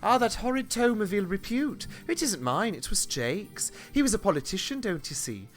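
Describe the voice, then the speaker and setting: A man's voice: high voice, big pitch swings, moderate pace, faint music behind, pitched above the performer's own voice. A man voicing a haughty northern English noblewoman. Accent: put-on northern English, slipping into Irish. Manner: defensive, aloof, theatrical. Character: haughty widowed noblewoman suspect.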